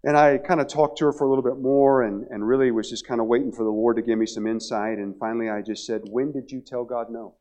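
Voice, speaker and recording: A man's voice: mid-range voice, fairly even intonation, quick pace, hardly any pauses, warm tone. A middle-aged male pastor preaching a revival sermon, telling a story with many repeated restarts. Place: church revival service. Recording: dull lo-fi sound.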